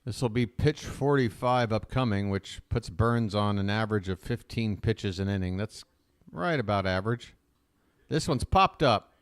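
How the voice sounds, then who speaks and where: A man calls live baseball play-by-play with a smooth, resonant, somewhat low voice. He talks in a chatty way and works in opinionated asides between pitches. The sound is dry and close, with no room echo. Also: moderate pace. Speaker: fan play-by-play commentator.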